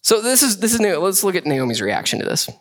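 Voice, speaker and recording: A man's voice: sits high, sing-song, quick pace. A young adult man, a pastor, preaching a sermon in a casual, conversational way with many fillers.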